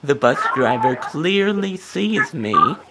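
A man telling a story in a comedy sketch, in a deadpan, unhurried way. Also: on the high side, heavy background noise.

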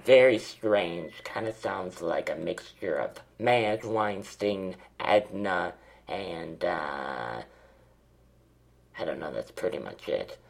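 A man playing a crude, foul-mouthed twenty-five-year-old woman smoker who hosts a call-in comedy show, insulting and profane, with a gravelly smoker's rasp. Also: sits low, expressive, takes it slowly, a little hiss or hum, exaggerated voice. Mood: sneering.

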